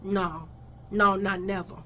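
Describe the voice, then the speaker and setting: Blunt, bright-voiced woman telling a story. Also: mid-range voice, flat delivery, takes it slowly, a little hiss or hum. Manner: blunt and heated, swears freely, talks straight to viewers. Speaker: vlogger telling a personal story. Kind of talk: casual storytime vlog.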